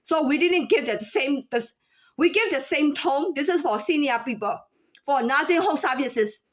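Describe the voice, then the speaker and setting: A woman in her thirties or forties speaking in a casual unscripted monologue, halting with many fillers and restarts. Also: high voice, animated. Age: 30s to 40s. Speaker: former store employee.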